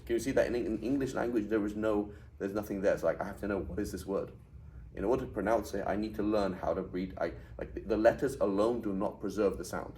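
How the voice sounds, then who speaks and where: A man's voice: lowish voice, fairly even intonation, quick pace, mellow, slight background noise, low-quality recording. A man teaching a class in a conversational lecture style, often putting questions to his students. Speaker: Arabic teacher.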